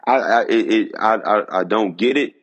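Incredulous husky man ranting about football. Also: on the low side, normal speed, long reverb tail, muffled recording. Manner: incredulous, repetitive, emphatic. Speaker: podcast host. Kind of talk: sports podcast rant.

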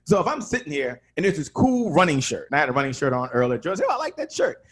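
A man with a slightly husky, higher-set voice teaches sales on a podcast. His pitch swings a lot as he stresses points and acts out short exchanges with clients. He sounds emphatic and animated throughout. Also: fast. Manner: emphatic, plays out dialogue in little voices. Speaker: sales coach podcast guest.

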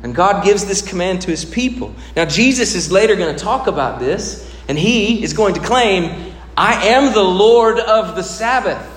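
A man preaching a sermon, swinging between loud emphasis and hushed, low passages. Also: lively intonation, moderate pace, echoey room, long reverb tail, slight background noise. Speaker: pastor.

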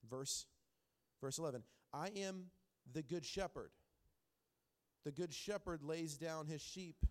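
Animated man preaching a sermon. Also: on the high side. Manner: animated storytelling, repeats phrases for emphasis. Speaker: pastor.

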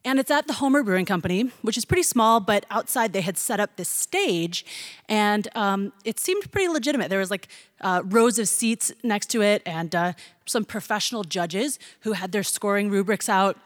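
A young woman telling a funny personal story to an audience, animated and laughing, mimicking excited voices. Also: medium pitch, moderate pace, no room sound.

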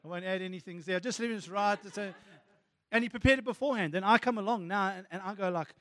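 Male pastor, high-pitched, animated sermon, dry close mic. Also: fast, no room sound, big-room sound. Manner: animated, excitable preaching with sudden soft asides.

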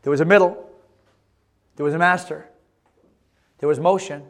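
A man preaching a sermon as pastor, emphatic, swinging between loud exhortation and quiet earnest asides. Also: a little high, steady tone, normal speed. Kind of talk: energetic sermon to young people.

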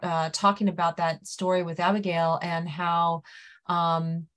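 Woman, slightly low voice, earnest and reflective panelist. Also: level tone, measured pace, fairly bright tone. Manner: earnest, thoughtful, many fillers. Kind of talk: panel discussion.

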